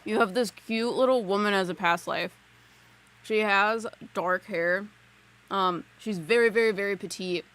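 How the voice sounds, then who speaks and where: Sitting at her desk at home, a woman gives a psychic reading on a live stream through a desk mic, rambling loosely, giggling, and peppering her talk with "like." Her voice is middle-pitched, a bit bright, and measured in pace.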